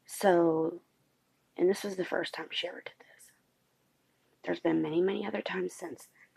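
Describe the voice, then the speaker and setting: Woman vlogger, late-night confessional, gravelly rasp, very low, halting. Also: fairly even intonation, dry recording, poor audio. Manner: hushed, halting, many pauses and fillers. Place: home at night.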